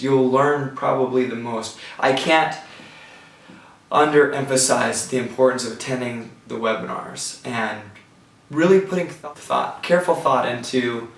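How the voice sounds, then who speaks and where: Slow-speaking man teaching in a roomy space. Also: mid-range voice, gravelly, fairly bright tone. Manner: thoughtful, with pauses and restarts, breaks into sung examples. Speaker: songwriting teacher. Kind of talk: lecture. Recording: roomy sound from a distance from the mic.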